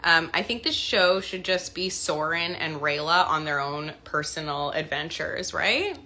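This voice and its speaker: Canadian woman, 30s, bright and lively, casual stream chatter while she signs prints. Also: low voice, measured pace. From Canada, part childhood in Scotland. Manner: chatty, bubbly, thinking aloud while signing. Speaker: voice actor signing autographs on a livestream. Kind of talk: casual livestream chat.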